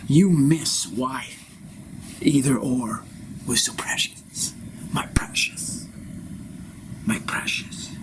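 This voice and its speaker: A man's voice: mid-range voice, rough recording. A man playing a grandiose self-proclaimed ascended spiritual master in a solo improv, talking in a lofty, pompous way that drifts into whispers, recorded inside a vehicle. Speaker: improv performer.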